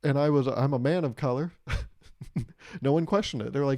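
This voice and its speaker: A man's voice: mid-range voice, a little fast, pauses often, darkish tone. A young man hosting a casual solo podcast, rambling through a story and laughing at his own jokes. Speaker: podcast host.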